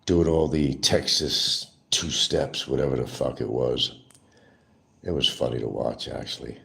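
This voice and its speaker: A man's voice: very deep voice, animated, unhurried, gravelly, a bit bright. An older man rambling in a casual, opinionated monologue to his viewers as a livestream host. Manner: opinionated, drifting, talks to viewers.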